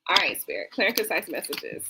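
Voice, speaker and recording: A woman doing a casual live-stream tarot reading, chatty and animated with laughing asides. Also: fairly low pitch, brisk, noisy background. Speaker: tarot reader. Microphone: streaming setup mic.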